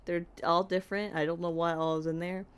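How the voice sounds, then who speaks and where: A woman's voice: on the low side, little pitch movement, a little fast, clean tone. A woman streaming a game at home on a desk microphone, chatting casually and joking about herself. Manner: chatty, self-deprecating, talks to her cat. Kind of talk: casual let's-play chat.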